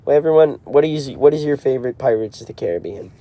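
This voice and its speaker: Sitting in a car, this twentysomething band member chats casually on his livestream and responds to viewer comments. He speaks quickly in a mid-range, dark-toned voice with lively intonation.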